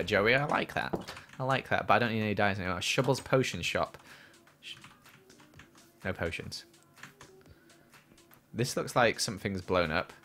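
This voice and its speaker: Lively young man streaming games. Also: lowish voice. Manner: chatty, reads and answers viewer questions while playing. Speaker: livestreamer. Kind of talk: casual gaming livestream chat.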